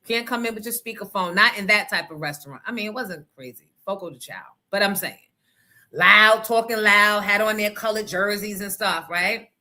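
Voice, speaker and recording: Loud, blunt New woman. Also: medium pitch, brisk, few pauses. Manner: loud, animated, profane, blunt. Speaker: radio show host. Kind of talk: casual storytelling rant.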